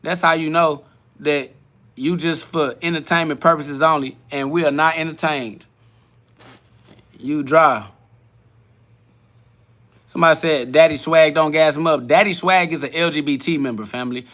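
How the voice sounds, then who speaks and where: A man with a fairly high, sharp and forceful voice runs a live podcast from his garage. He answers the chat brashly and confrontationally, swearing freely as he goes. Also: steady tone, normal speed, long pauses. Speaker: livestream podcast host. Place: home garage.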